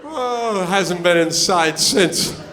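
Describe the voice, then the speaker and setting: A man performing stand-up comedy on stage, telling stories in a loud, animated way and yelling his punchlines. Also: high-pitched, slow, long reverb tail. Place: comedy stage before a live audience.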